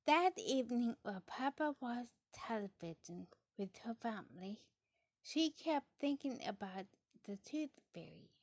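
Woman reading a picture book aloud, slow and soft, dry sound. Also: on the high side, animated, dry recording. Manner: soft, slow, often dropping into a hush. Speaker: storybook reader.

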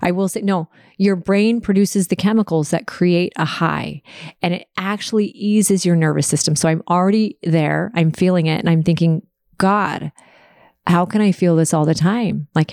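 Slow, gravelly-voiced woman confiding. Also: fairly low pitch, a little mellow, dry recording, studio quality. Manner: earnest, emotional and confessional. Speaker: podcast host. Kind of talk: personal podcast monologue.

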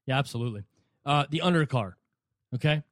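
A man co-hosting a casual boxing podcast, animated and quick to laugh as he mocks how names get pronounced. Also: medium pitch, no echo, studio quality. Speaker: podcast co-host.

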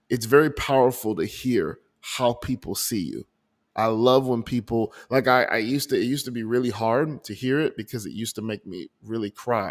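A man hosting his own podcast, talking earnestly and emotionally about his month, often restarting his sentences. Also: lowish voice. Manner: earnest, emotional, many restarts and repeated words. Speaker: podcast host. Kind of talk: reflective personal audio journal. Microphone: desk microphone.

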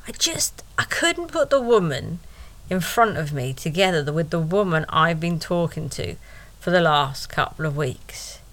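A woman's voice: deep voice, animated, takes it slowly, pauses often, fairly bright tone. A woman telling a first-person story in a wry, sarcastic way, with asides to the listener.

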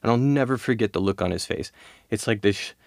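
A man's voice: on the low side, a little fast, vocal fry, darkish tone, dry recording, clean studio sound. A man telling a personal story in a rambling, self-amused way, often laughing as he goes. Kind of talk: casual storytelling.

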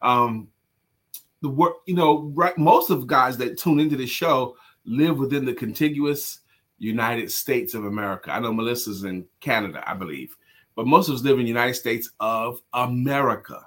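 Man, talk-show co-host, bright forceful voice, chatty, playful, loose with fillers. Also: mid-range voice, moderate pace. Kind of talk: casual morning talk show.

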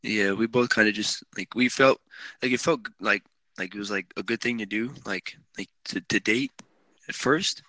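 Young male podcast co-host, low-ish bright voice, dry close-mic sound, loose rambling delivery, laughs easily. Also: moderate pace, no echo, rough recording. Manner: laid-back, rambling, laughs often, many "like" fillers. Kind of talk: casual chat.

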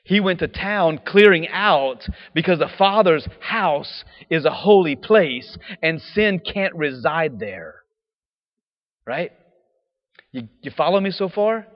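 A man preaching a sermon in a lively, casual way, full of slang and acted-out quotes. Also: fairly high pitch, takes it slowly, long reverb tail, dull audio.

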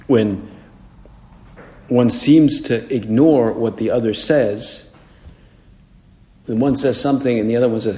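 A man's voice: mid-range voice, unhurried, pauses often, dark tone. A man, a priest, preaching a homily in a conversational way and acting out the voices he quotes. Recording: echoey hall with long reverb.

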